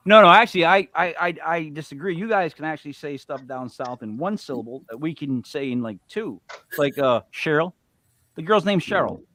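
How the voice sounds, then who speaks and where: A man's voice: fairly high pitch, brisk, sharp tone, no echo. A man hosting a casual chat show, joking and rambling with a Northeastern accent. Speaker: podcast host.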